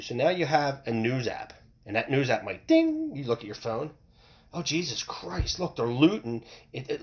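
A man hosting his own podcast, talking bluntly and rambling, with frequent swearing. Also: mid-range voice. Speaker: podcast host. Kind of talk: opinionated solo podcast rant.

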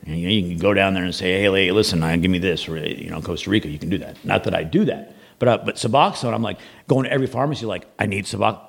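Man, low gravelly voice, rambling casual storytelling, quotes others in dialogue, swears a lot. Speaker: podcast guest.

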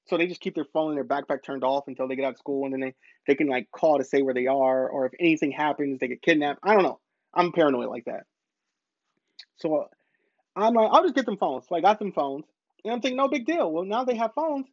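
A man's voice: high-pitched, a little mellow. A man recounts a frustrating story in a casual, conversational monologue, leaning on repetition to drive each point home. His voice sits in a dry space with no room echo. The recording is a little dull and muffled. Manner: emphatic, repeats points for stress. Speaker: parent vlogger.

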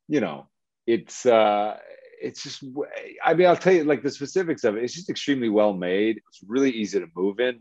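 A man answering interview questions in a relaxed, enthusiastic way, halting with fillers. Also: low-pitched, dry recording, highs cut off. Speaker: actor being interviewed.

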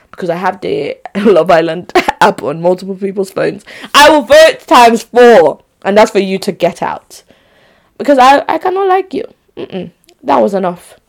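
A woman's voice: mid-range voice, vocal fry. A woman hosting a solo podcast, chatting casually, laughing often and getting fired up in her opinions. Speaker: podcast host.

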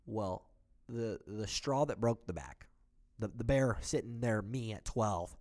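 A man telling a heated personal story in casual chat, animated and profane, acting out what others said. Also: on the low side, a little slow. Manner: animated, swearing, acts out quotes of others.

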